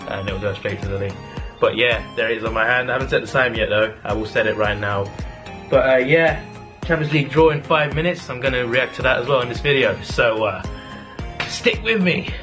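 Casual young male vlogger, mid pitch, relaxed and chatty, light music bed. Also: a little fast. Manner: chatty, pleading and groaning at a draw. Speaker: YouTuber. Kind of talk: casual vlog and live reaction.

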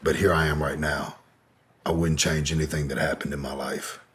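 A man with a very low, heavily raspy voice, speaking as an interview guest. He tells his story candidly and casually, with frequent swearing and fillers. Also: level tone, moderate pace. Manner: candid, profane, many fillers.

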